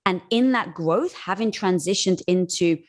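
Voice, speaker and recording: A woman's voice: fairly low pitch, measured pace. A woman guest on an interview, giving advice in a casual, encouraging way. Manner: casual and encouraging, calls the host "girl".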